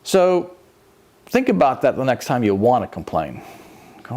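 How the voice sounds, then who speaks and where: A man giving a conversational, animated sermon as a church minister, with self-mocking humor. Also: mid-range voice, unhurried.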